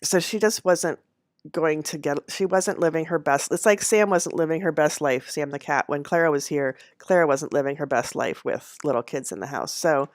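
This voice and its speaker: A woman with a low voice tells a personal story casually to her viewers. She rambles, corrects herself and laughs often. The sound is close and dry. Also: moderate pace, dry recording. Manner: rambling, with fillers and self-corrections. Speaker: handknitter.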